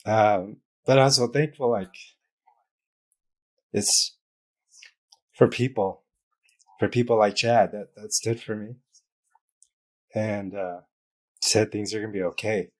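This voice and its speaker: A man with a fairly low voice shares a painful story as a guest on a business interview show. He talks openly and from the heart, leaning on fillers as he goes. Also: fairly even intonation, takes it slowly, long pauses. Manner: open and heartfelt, many fillers. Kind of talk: emotional personal story in interview.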